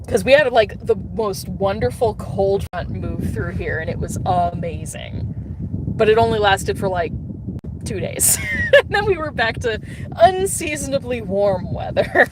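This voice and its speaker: A chatty woman with a voice of ordinary pitch, talking to her viewers while she plays a game in a parked car. She giggles often and talks loosely. Faint car noise runs underneath. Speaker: mobile game streamer. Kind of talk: casual live-stream chat while playing. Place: in a car, pulling over.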